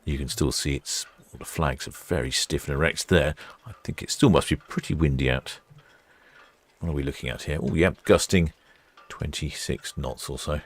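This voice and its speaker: Man, extremely low bass voice, relaxed chatty live-stream commentary, wry asides. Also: normal speed, husky. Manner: chatty, musing aloud, wry. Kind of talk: casual live commentary reading viewer comments.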